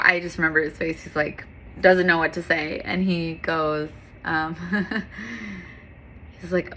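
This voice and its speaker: Bright, earnest woman yoga instructor. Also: on the low side, fairly even intonation, a little slow, a little hiss or hum. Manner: earnest, candid, with frequent fillers. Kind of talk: casual heartfelt monologue.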